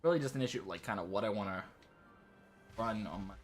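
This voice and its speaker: A man's voice: lowish voice, quick pace, soft background music. A tired man streaming a game, rambling with lots of fillers and restarts, drifting into a put-on British-sounding accent. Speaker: livestreaming gamer. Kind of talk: casual gameplay commentary.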